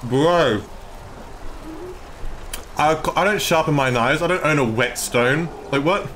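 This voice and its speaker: A man with an Australian accent, live-streaming and excitedly arguing with his chat, swearing often. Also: fairly high pitch, slow, a little hiss or hum.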